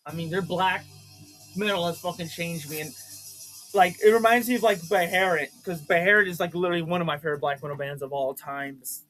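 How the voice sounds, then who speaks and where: Vlog host, young man, high-pitched, hyped and swearing, faint music behind. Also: a little fast, rough recording. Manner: excitable and profane, with bursts of shouting. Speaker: vlogger showing his record collection. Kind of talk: casual chat.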